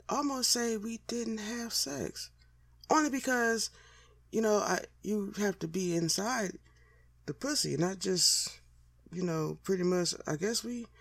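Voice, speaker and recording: A woman telling a raunchy personal story in a casual monologue, talking in a loose, slangy, heavily profane way and pausing to smoke partway through. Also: sits low. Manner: pauses to smoke mid-story.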